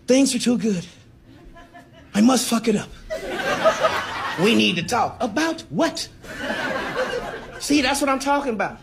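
A man doing profane, animated stand-up comedy, shouting punchlines and acting out arguments. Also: extremely high pitch, a little hiss or hum. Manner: profane, loud, animated, acts out characters.

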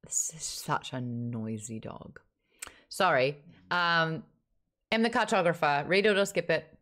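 A woman's voice: sits low, measured pace, a bit bright. A woman hosting a casual book club livestream from home, chatting playfully and cooing at her sleepy dog. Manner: playful, laughing, baby-talk to her dog.

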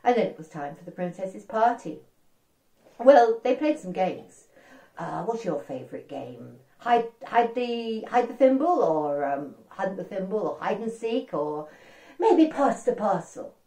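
A woman telling a story to young children, animated and asking them questions as she goes, in a roomy echo. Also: medium pitch, a little slow.

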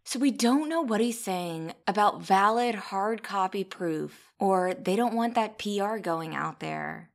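A woman hosting a podcast, narrating in a measured, questioning scripted style. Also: medium pitch, vocal fry. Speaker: podcast host.

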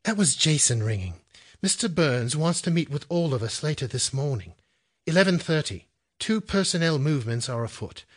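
A man voicing a brisk British woman intelligence analyst, with a put-on British accent and bursts of British slang. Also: fairly high pitch, animated, pitched above the performer's own voice. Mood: exasperated.

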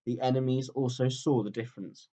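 A male teacher reading a chapter of a children's book aloud in a calm, steady storytelling voice that drops low at the ends of sentences. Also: brisk.

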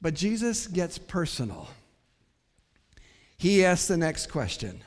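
A male pastor preaching a sermon, animated, moving between quiet asides and emphatic declarations. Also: on the high side, moderate pace. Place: church sanctuary. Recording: long church hall reverb.

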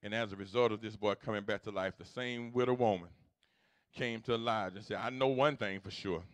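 A man preaching a sermon as pastor, moving from quiet storytelling to loud, repetitive exhortation. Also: on the low side, a little fast, dry recording. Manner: swings from hushed storytelling to loud preaching, repeats phrases. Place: church sanctuary.

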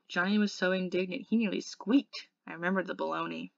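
Low, gravelly woman reading a novel. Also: fairly even intonation, a little fast, no room sound, muffled recording. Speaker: tutor reading a novel aloud. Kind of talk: audiobook reading, first-person narration.

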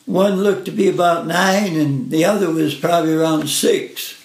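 A man gently reading a first-person family story aloud in an unhurried way. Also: on the high side, steady tone, gravelly. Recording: roomy echo.

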